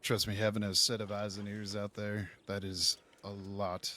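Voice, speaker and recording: A man in a game role-play, talking in a calm, steady, helpful way. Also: on the low side, normal speed. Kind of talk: in-character role-play chat.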